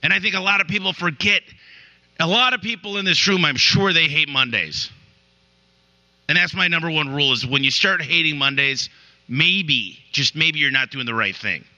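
Bright-voiced man giving a motivational talk. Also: on the high side, moderate pace, dull audio. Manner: storytelling with repeated restarts. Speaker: business owner giving a talk. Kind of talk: motivational speech. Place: room with an audience.

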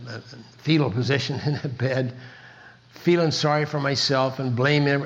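Older male speaker, gravelly, earnest storyteller, dull lo-fi recording. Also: medium pitch. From Kansas. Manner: earnest storytelling with emphatic repetition. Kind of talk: motivational talk.

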